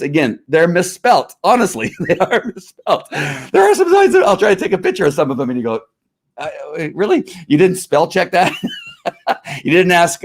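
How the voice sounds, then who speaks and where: A middle-aged man hosting a casual solo livestream, rambling and opinionated, with frequent laughs and fillers. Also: a little high. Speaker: host.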